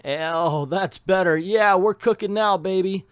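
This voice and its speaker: A brash young clown woman from a comic book, squeaky and wound up, her lines jumping high above a normal speaking voice, as a man reads her aloud. The sound is dry and close with no room around it. She talks with cocky, excitable energy. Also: measured pace, smooth, no room sound.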